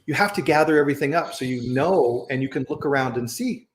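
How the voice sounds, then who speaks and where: A man hosting a casual talk, with a voice of middle pitch. He tells stories at an easy pace and keeps asking "right?" as he goes. The room is echoey and roomy. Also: fast. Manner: storytelling, says "right?" often. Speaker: host. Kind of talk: casual chat.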